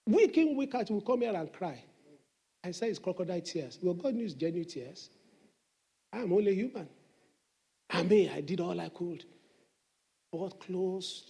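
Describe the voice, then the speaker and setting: Husky-voiced preaching man. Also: high-pitched. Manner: impassioned preaching, swings from hushed to loud; acts out quoted dialogue. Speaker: senior pastor. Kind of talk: sermon. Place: church.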